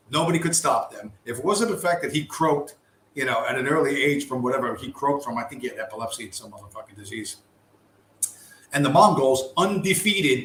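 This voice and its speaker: In an echoey room with faint background noise, a man with a medium-pitched, fairly bright voice hosts a casual livestream. His talk is rambling and profane, full of restarts.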